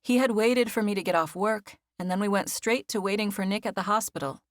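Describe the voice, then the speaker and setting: Woman, audiobook narrator, first-person novel, measured, dry studio sound. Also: medium pitch, no room sound.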